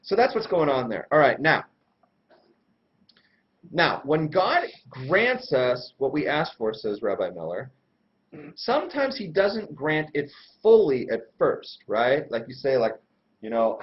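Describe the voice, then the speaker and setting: A man giving a casual religious lesson in a slangy, irreverent, animated way, full of everyday examples. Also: fairly high pitch, normal speed. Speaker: Torah teacher and host. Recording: dull lo-fi recording.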